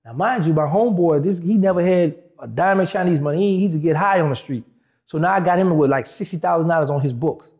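An interview guest tells a long story in a casual interview, animatedly acting out the people's dialogue in shifting voices. His voice is on the high side and quick, and the sound is lo-fi.

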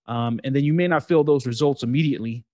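A man as a podcast guest, speaking reflectively with pauses and fillers. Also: mid-range voice, mellow, no room sound. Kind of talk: conversational podcast.

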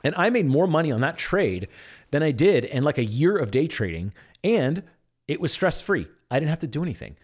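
Animated young man telling a story. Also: on the high side, fairly quick. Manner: animated, swings from quiet asides to excited shouts. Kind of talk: casual storytelling monologue.

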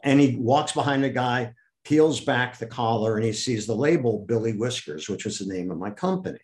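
An older man from the United States, a guest in an interview, telling animated stories and acting out the people in them. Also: moderate pace. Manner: animated, acts out quoted people with raised pitch. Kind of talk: storytelling in an interview.

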